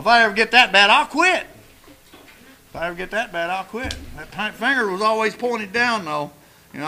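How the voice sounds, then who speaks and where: An older man telling his story at a recovery meeting, blunt and salted with profanity. His voice is gravelly and bright, pitched a touch high. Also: slight background noise, rough recording. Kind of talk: personal recovery talk. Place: meeting room.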